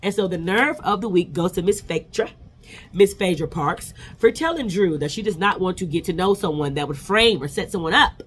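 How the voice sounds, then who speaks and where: A man hosting a vlog, giving an animated, sassy casual recap of a reality TV episode. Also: sits high, moderate pace, a little hiss or hum. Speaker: vlog host.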